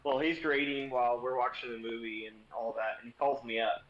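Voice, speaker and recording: A man's voice: medium pitch, level tone, brisk, fairly bright tone, highs cut off. A young man, a streamer, casually telling a rambling story and swearing freely.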